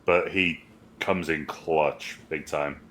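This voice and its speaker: A man's voice: rumbling low, steady tone, slow pace, a bit bright. A man co-hosting a casual movie review chat, rambling and swearing as he recounts scenes. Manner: rambling, swears, quotes film lines in put-on voices. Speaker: podcast co-host.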